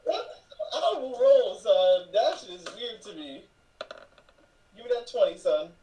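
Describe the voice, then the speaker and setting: A man playing a rogue in a tabletop game, joking loudly in slangy banter. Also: high-pitched, animated, a little slow, a little hiss or hum. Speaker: player. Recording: roomy, off-mic with chatter.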